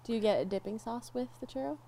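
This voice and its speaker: A young woman co-hosting a podcast in easy, casual chat. Her voice sits fairly high, and she talks in an animated way, laughing readily and getting emotional as she tells a story. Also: fast, vocal fry, slight background noise. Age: young adult. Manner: animated, laughs easily, gets teary and emotional. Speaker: podcast co-host.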